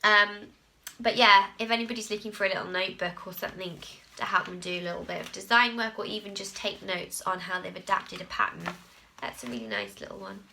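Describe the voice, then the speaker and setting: A woman's voice: mid-range voice, lively intonation, fast, gravelly, noisy background. A woman hosting a crafting podcast at home, talking casually and laughing at herself now and then. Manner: chatty and self-deprecating, laughs at herself often. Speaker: podcast host. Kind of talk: casual chat.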